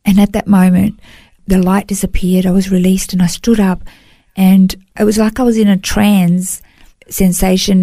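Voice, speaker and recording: A woman's voice: medium pitch, creaky, dark tone, dry recording. A woman, an interview guest, giving an earnest, emotional personal testimony and often saying "you know". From Australia.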